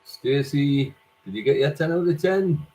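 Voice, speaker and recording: A man hosting a quiz, reading out scores and questions slowly and repeating each question. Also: fairly high pitch, lively intonation, darkish tone, rough recording. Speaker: quiz host.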